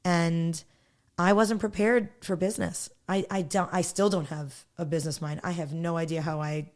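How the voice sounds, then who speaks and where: A woman's voice: lowish voice, fairly even intonation, moderate pace, darkish tone. A woman in her thirties, a podcast guest, telling her story bluntly and candidly, laughing often.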